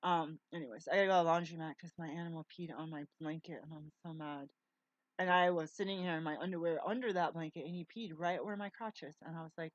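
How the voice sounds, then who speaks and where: A woman's voice: low-pitched, fairly even intonation, fast, no room sound. Rambling middle-aged woman, dry dull sound. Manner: rambling, jumps between tangents, restarts words. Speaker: vlogger. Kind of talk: casual rambling monologue.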